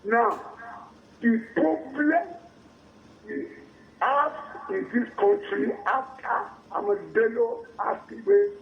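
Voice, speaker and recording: A caller rings a radio show and speaks slowly and fervently, circling back over his words. His voice is very high for a man and gravelly. The line sounds dull and echoey, with faint hiss behind it. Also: sing-song. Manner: slow, fervent, repetitive. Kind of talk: phone-in call.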